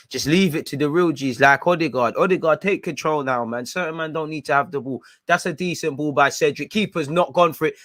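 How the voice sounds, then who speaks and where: A young man streaming a football watchalong, shouting at players and slipping into slang as he grows frustrated. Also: medium pitch, no echo, studio quality. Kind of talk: live match reaction commentary.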